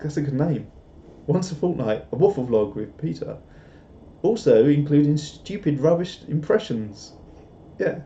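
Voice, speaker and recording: A man's voice: mid-range voice, mellow. A young man hosts a live stream, chatting casually and reading out viewer comments in a rambling, self-deprecating way. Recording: roomy, slightly dull home stream audio.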